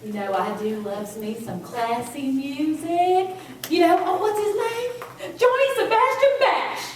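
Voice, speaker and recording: A woman's voice: high voice, unhurried. An actress playing a brash, giddy lottery-winner woman, giggling and mangling words in a live dinner-theatre comedy. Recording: echoey room from far off, crowd noise.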